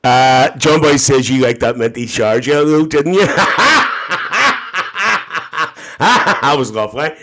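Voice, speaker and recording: A man's voice: mid-range voice, fairly quick, hardly any pauses, natural voice. A gossiping, bawdy middle-aged auntie, played by a man, with a broad Northern Irish accent. She chats cheekily to her live-stream viewers and calls everyone dear and love. Her voice sits in a middle register and comes through a phone mic. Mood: cheeky gossip. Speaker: TikTok live host. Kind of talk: live-stream comedy character chat.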